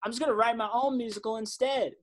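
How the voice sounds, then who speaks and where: A man's voice: very high-pitched, fast, a crowd in the background. A man in his thirties, a singer-songwriter guest on a podcast, telling his story casually and acting out the quotes. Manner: animated storyteller, acts out quotes, swears casually.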